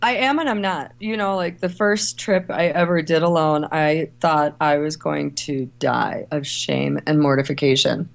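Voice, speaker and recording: A woman's voice: low-pitched, measured pace, vocal fry, few pauses. A middle-aged woman from Ohio and Kentucky, a travel writer, talking in a conversational interview and acting out the voices of people she quotes. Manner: animated storyteller, acts out quoted voices. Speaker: travel writer and editor, guest.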